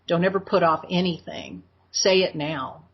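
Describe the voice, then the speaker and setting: Husky woman telling a personal story. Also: on the low side, sing-song, lo-fi sound. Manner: earnest and emphatic, slowing down to stress points. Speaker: interview guest.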